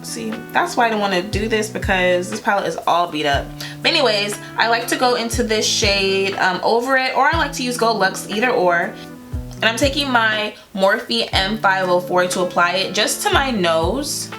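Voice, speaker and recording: A woman's voice: mid-range voice, normal speed. Chatty young woman over guitar music. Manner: chatty and playful, many fillers and little laughs. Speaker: beauty vlogger. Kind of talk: casual makeup tutorial chat.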